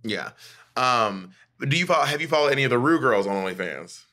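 A man hosting a podcast, chatting casually with a bright, forceful tone. His pitch swoops all over as he gossips, swears freely and riffs animatedly. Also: animated, fairly quick. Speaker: podcast host. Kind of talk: casual chat.

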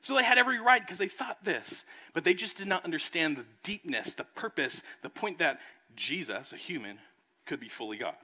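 A man's voice: on the high side, lively intonation, a little fast, pushed and bright. A man preaching a conversational sermon as pastor in a church, often checking in with "okay?". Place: church sanctuary.

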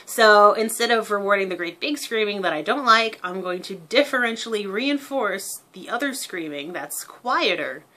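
Bright-voiced young woman explaining casually. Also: medium pitch, expressive, normal speed, hardly any pauses. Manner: chatty, explains with everyday examples. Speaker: parrot owner giving behavior tips.

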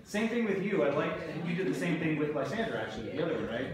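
A man's voice: fairly high pitch, sing-song, quick pace, crowd noise. A male drama teacher coaching students through a rehearsal, encouraging and asking many questions. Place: school rehearsal space. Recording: very echoey room, faint noise.

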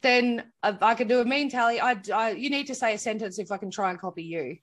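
A woman's voice: fairly high pitch, fast talker, fairly bright tone. Playful woman chatting on a podcast. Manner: playful, jokey. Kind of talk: casual chat.

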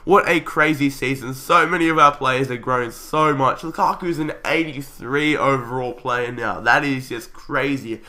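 A young man giving excited commentary over a football video game, calling the play like a match commentator, his voice strained and going. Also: medium pitch, moderate pace, hardly any pauses. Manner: shouts at goals, calls play like a match commentator. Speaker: YouTuber playing a football career mode.

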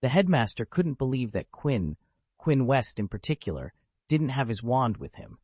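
A man reading a web novel aloud as an audiobook narrator, in steady storytelling. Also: medium pitch, moderate pace, husky, dry recording. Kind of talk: scripted narration.

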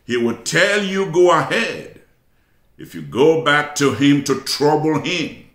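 A man preaching a sermon as bishop, emphatic, stretching out key phrases slowly for effect. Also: mid-range voice, fairly bright tone. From Africa. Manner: emphatic preaching with dramatic slow drawn-out phrases. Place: church sanctuary. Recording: echoey church hall.

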